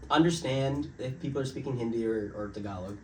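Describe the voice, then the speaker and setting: A young man who grew up in Dubai and moved to Canada, an actor guest chatting casually on a podcast with a relaxed, rambling manner full of fillers. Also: medium pitch, a little fast, distant mic, slight background noise. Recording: roomy sound from off mic with faint ambience.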